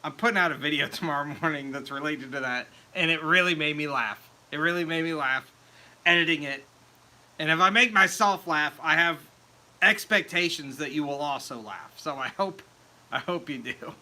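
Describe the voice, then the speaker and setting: Chatty bright-voiced man hosting a livestream. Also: fairly high pitch, normal speed. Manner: chatty, laughs at himself, reads viewer comments aloud. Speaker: home mead maker hosting a livestream. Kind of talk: casual livestream chat. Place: home meadery.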